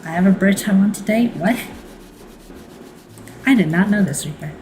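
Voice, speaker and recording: A woman's voice: mid-range voice, moderate pace, darkish tone, a little hiss or hum, low-quality recording. A woman in casual banter while streaming, sarcastic and teasing, swearing freely.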